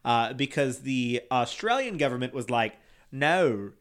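A man's voice: medium pitch, lively intonation, moderate pace, fairly bright tone. Male podcast co-host: campy, chatty and loose, heavy on fillers and swearing. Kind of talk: casual chat.

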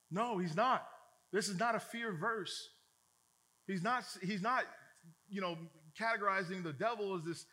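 Male pastor, high bright voice, casual and funny sermon delivery. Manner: energetic, joking, colloquial.

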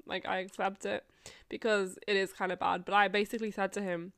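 A woman's voice: mid-range voice, little pitch movement, a little fast, fairly bright tone. Young woman, podcast host, casual storytelling, swears and laughs a lot. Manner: chatty, swearing, laughs often, many likes and asides.

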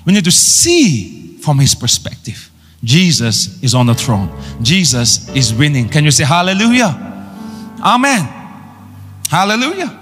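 A man's voice: a little high, big pitch swings, a little slow, a bit bright, husky. A man preaching a sermon with emphatic, call-and-response delivery. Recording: long hall reverb with faint music.

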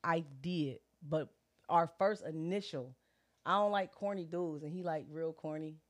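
A middle-aged woman casually telling a personal story, animated, full of slang and acted-out quotes. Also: low voice, measured pace. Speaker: guest sharing her story. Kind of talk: candid casual chat.

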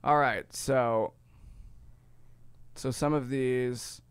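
A man's voice: mid-range voice, steady tone, extremely slow, clear, resonant tone, no echo. A man from Ohio with a Midwestern accent, co-hosting a casual chat and explaining things in a rambling, self-correcting way. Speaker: podcast co-host.

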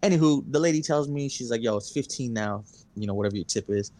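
A man's voice: medium pitch, fast talker, darkish tone. Young male podcast co-host, casual storyteller, heavy cursing. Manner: rambling storyteller, heavy swearing and fillers. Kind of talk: casual chat.

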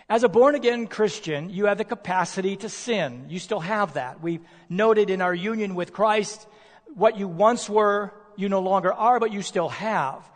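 A male preacher delivering a sermon, emphatic, posing rhetorical questions and slowing down to stress key words. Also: sits high. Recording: long reverb of a large hall.

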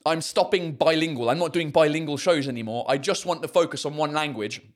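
A man's voice: a little high, a little fast. A man hosting a live podcast from his garden shed, chatting casually and swearing freely, with plenty of fillers. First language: English. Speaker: podcast host. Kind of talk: casual live-stream chat.

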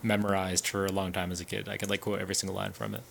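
A man's voice: low voice, flat delivery, racing, gravelly, a bit bright, a little hiss or hum. A man co-hosting a podcast in casual chat, easygoing and full of "like" fillers. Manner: easygoing, heavy on "like" fillers, laughs often. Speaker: podcast co-host.

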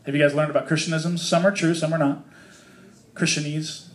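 A man's voice: fairly high pitch, little pitch movement, a little fast, fairly bright tone. A man leading a casual Bible study for a small group, reading scripture aloud and explaining it in a chatty, joking way with many fillers.

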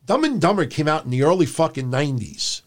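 A man's voice: a little high, very animated, quick pace. A man co-hosting a wrestling podcast, ranting bluntly and sarcastically with casual swearing. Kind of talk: casual opinionated podcast commentary.

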